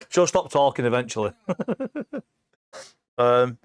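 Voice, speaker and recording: A man in his forties with an English accent, telling stories in a sweary, animated casual chat as a podcast guest. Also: medium pitch, takes it slowly. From England. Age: 40s.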